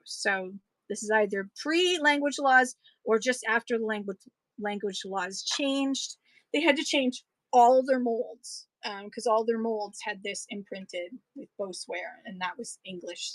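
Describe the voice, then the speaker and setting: A woman's voice: on the high side, poor audio. A woman chatting casually and enthusiastically as she sells vintage items on a live stream, rambling between pieces. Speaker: live-stream online seller. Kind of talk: casual live-selling chat.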